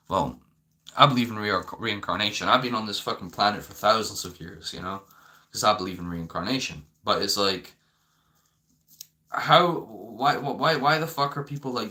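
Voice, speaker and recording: A young male vlogger rants to camera unscripted, his voice fairly low-pitched with a sharp tone. His talk is rambling and profane, packed with "you know."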